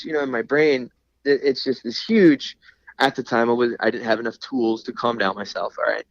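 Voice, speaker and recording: A man's voice: medium pitch, normal speed, no room sound. Guy telling his story on a podcast, rambly, lots of "you know", deadened lo-fi sound. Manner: laughs while telling a frustrating story. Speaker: podcast guest, Navy veteran. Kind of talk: casual storytelling interview. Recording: dull, dry lo-fi recording.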